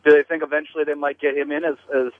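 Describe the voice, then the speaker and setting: A man's voice: on the high side, level tone, rapid-fire, no room sound. A man calling in to a talk radio show, friendly and chatty. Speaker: caller. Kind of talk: call-in radio chat. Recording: muffled phone-in line.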